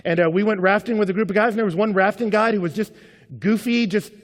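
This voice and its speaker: A pastor preaching a sermon as a man, telling stories with energy and dropping from loud to hushed. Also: sits high, quick pace, in a large hall. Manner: animated storytelling, swings between loud and hushed.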